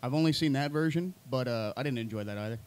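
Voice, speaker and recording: A man's voice: medium pitch, fast talker, a little mellow, smooth. A man trading profane, blunt banter and stories in a casual chat. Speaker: podcast co-host. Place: house.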